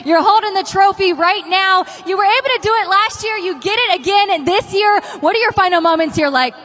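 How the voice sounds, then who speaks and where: A woman interviewing drivers at the track during a stadium event, asking quick, upbeat questions. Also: very high voice, fairly bright tone.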